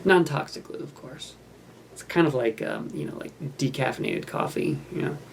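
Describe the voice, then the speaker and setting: A gravelly, rambling film commentator. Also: mid-range voice, moderate pace, a little hiss or hum. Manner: rambling, self-mocking, offhand. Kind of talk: casual running commentary over a film.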